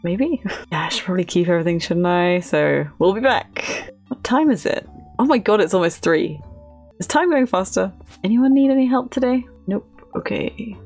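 A young woman talks her way through a farming game, chatty and quick to laugh. Her voice has a gravelly, fry-edged texture, with faint music playing underneath. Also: mid-range voice, lively intonation, darkish tone. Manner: chatty, giggly, talks to characters. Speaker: gaming channel host. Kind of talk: casual let's play commentary.

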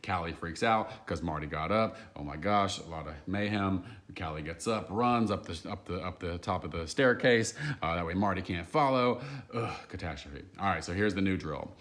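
A man's voice: low-pitched, normal speed, hardly any pauses, fairly bright tone. A man who works as a dog trainer explains a training drill in a chatty, rambling way and coaches an owner through it in her home. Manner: chatty and rambling, with fillers and repeats. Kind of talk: casual instructional explanation to viewers.

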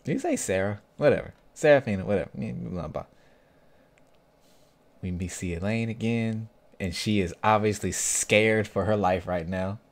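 A man's voice: fairly low pitch, moderate pace. A young man hosting a casual reaction video, reading a webcomic aloud and joking about each scene. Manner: animated, jokey, reads comic lines aloud and riffs on them.

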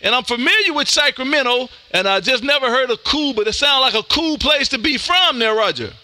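A man from Texas with a Texan accent, working ham radio contacts on a live stream in a loud, folksy way, tossing "man" into most lines. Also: very high-pitched, animated, a little fast, dry recording.

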